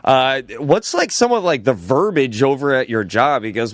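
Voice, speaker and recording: A man with a mid-range voice trades quick jokes and stories in relaxed podcast chat. The recording is dry and close-miked, with no room sound. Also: medium pitch, no room sound. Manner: joking quips. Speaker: podcast co-host. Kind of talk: casual chat.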